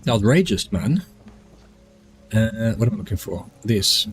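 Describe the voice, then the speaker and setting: A man's voice: fairly low pitch, expressive, a little slow, soft background music. A tired man streaming a game, rambling casually as he plays and muses over chat questions. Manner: rambling, musing aloud, answering chat questions. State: tired, yawning.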